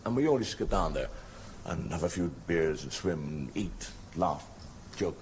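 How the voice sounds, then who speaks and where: A low, slightly mellow voice belongs to an older man doing stand-up, captured in a noisy stage recording. At a moderate, animated pace he spins rambling, wry stories and slips into quoted voices.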